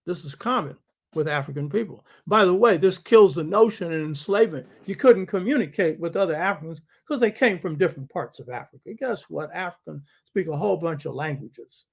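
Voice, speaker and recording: A man's voice: on the high side, lively intonation, brisk, vocal fry, husky. A man hosting a show, giving an emphatic lecturing monologue and throwing rhetorical questions at his listeners. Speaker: host.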